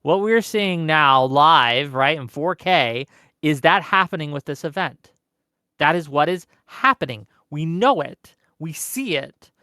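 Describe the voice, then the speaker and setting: A man's voice: on the high side, lively intonation, measured pace, pushed and bright, clear, resonant tone, dry recording, studio quality. Passionate man hosting a live panel. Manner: earnest, grows passionate and emphatic. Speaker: host of live panel stream. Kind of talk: live stream panel discussion.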